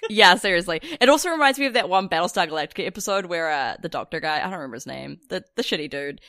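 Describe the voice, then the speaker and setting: A woman co-hosting a podcast, recapping a novel chapter in casual chat, laughing often and dropping swears and animated asides. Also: lowish voice, rapid-fire, no echo, clean studio sound. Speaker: podcast co-host summarizing a novel.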